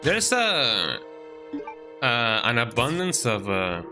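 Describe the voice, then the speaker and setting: A young man chats loosely over his gameplay at an ordinary pitch, trailing off and restarting as he goes. He slips into soft baby talk for his cat now and then. Game music plays clearly underneath him. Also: huge pitch swings, takes it slowly. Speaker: streamer. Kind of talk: casual gameplay commentary.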